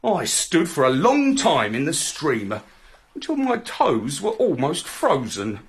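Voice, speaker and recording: A man reading a children's story aloud in the first person, with an expressive, swooping storybook delivery. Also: on the high side, takes it slowly, husky.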